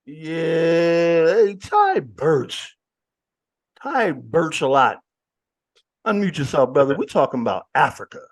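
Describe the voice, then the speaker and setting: A man with a high voice leads a casual online panel chat. His pitch swings all over as he fires off questions with a lot of hype. He keeps the talk moving. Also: slow. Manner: animated, hyped questioning. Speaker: host.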